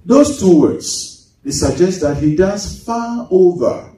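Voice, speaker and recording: A man's voice: high voice, animated, slow, mellow. Far-off man preaching in an echoey church. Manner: call-and-response preaching, rhetorical questions. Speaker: pastor. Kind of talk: sermon. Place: church sanctuary.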